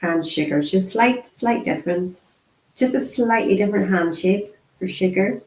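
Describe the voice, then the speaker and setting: A woman voicing a beginner's sign language lesson, speaking slowly and repeating single words with pauses between them. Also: medium pitch, expressive, darkish tone. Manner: frequent throat clearing and fillers. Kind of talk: interpreted beginner lesson, spoken aloud. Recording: roomy echo.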